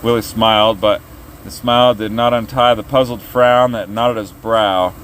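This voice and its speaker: A man narrating a written story, reading it aloud with steady delivery. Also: fairly low pitch, normal speed, slight background noise, rough recording.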